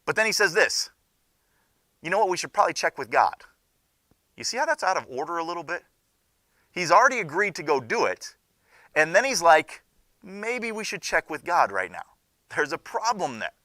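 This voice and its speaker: A young man teaching a Bible class, telling the story in an animated way and acting out the characters' lines. His voice is bright and fairly high, and it swings widely in pitch. The sound is dry and close. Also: brisk, long pauses, no room sound.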